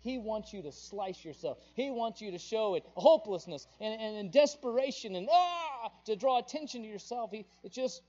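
High-voiced husky preacher man. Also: animated, moderate pace, few pauses, lo-fi sound. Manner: impassioned preaching, surging loud on emphatic points. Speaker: pastor. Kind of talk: sermon.

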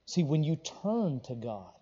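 A man's voice: big pitch swings, a little slow, slightly rough, long reverb tail, dull audio. Man preaching with big dynamic swings. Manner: swings between loud preaching and quiet, low earnest talk. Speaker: pastor. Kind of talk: sermon.

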